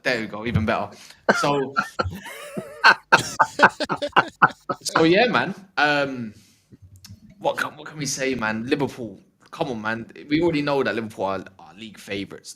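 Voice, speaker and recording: Bright-toned man bantering. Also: mid-range voice, normal speed, a little hiss or hum. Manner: teasing slang-heavy banter, laughs a lot. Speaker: panelist. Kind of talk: casual banter on a football podcast.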